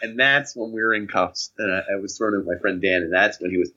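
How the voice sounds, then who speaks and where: A young man telling casual anecdotes on a podcast, animated and acting out the voices of people in his stories. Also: on the low side, fast. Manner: animated, acts out voices in anecdotes, laughs often. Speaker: podcast co-host. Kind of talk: casual storytelling chat. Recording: dull lo-fi podcast audio.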